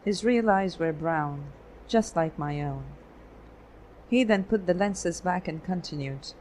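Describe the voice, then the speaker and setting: Woman reading an audiobook, lowish voice. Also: unhurried, darkish tone, slight background noise, low-quality recording. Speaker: audiobook narrator. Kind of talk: scripted narration.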